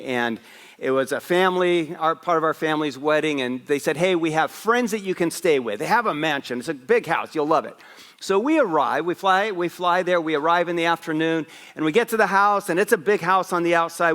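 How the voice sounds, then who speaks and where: A man preaching a Christmas Eve sermon as a pastor, telling a lively personal story with asides. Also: on the high side, long reverb tail. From West Africa. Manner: animated storyteller, raising his voice for punchlines. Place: church sanctuary.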